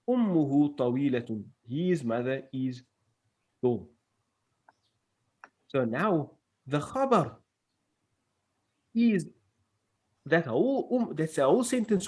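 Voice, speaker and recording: A man's voice: a little high, darkish tone. Man, grammar teacher, patient, step-by-step explanation, reads out Arabic phrases. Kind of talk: classroom grammar lesson.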